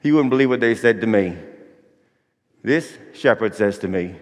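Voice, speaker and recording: A man's voice: on the low side, animated, normal speed, lightly acted. An actor playing Joseph as a folksy, anxious young father, drawling with country grammar, in a church Christmas monologue. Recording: echoey church hall.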